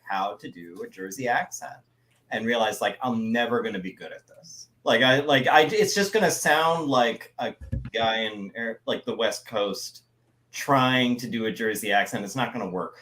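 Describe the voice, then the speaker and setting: A man co-hosting a casual podcast, an artist telling stories with lively quoted voices. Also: mid-range voice, moderate pace. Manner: animated storytelling with quoted voices. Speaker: podcast co-host, comic artist. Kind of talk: casual chat.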